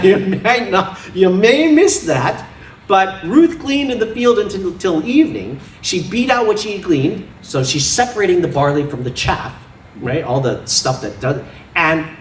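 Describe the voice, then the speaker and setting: A man preaching a sermon in a church, animated and often laughing as he makes his points with props and playful sound effects. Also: sits high, roomy sound, far from the mic, a little hiss or hum. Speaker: pastor. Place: church sanctuary.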